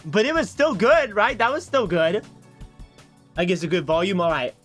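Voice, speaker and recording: A man's voice: sits high, normal speed, fairly bright tone, soft background music. A man livestreaming in casual chat, talking to his viewers in a self-mocking way from his home setup into a desk microphone. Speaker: streamer.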